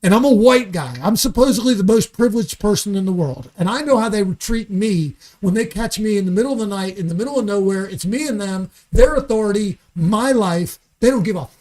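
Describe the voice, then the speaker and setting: A man's voice: sits high, fairly quick, few pauses, a little mellow. A man talking as a comedian guest in a podcast studio, heated and emphatic, swearing freely. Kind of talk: podcast conversation.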